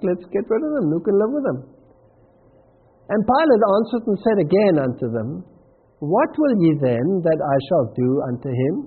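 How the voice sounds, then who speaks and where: A man's voice: high-pitched, slightly rough. A man preaching a sermon, reading scripture aloud with emphatic, dramatic swings in delivery. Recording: tinny phone-like audio.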